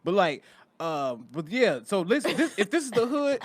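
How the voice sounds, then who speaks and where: A young man, a podcast guest, telling a story in casual chat, animated and laughing as he acts out the scenes. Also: sits high, moderate pace, noisy background.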